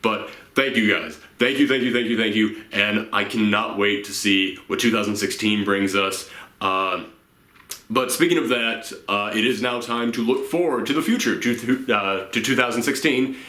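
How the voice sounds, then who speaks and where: Earnest young man vlogging, bright voice. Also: lowish voice, moderate pace, roomy sound. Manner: unscripted, rambling, earnest. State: tired, late at night. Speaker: YouTube channel host. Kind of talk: casual vlog to viewers.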